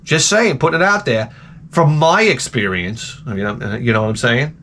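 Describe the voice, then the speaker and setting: A man's voice: medium pitch, normal speed, a bit bright, slight background noise. A man hosting a casual talk show, rambling and ranting crudely, often slipping into mocking voices. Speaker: podcast host. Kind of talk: rambling profane casual chat.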